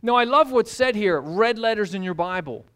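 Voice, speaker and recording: A woman preaching a sermon, retelling the story in an animated way and repeating words for emphasis. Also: mid-range voice, normal speed.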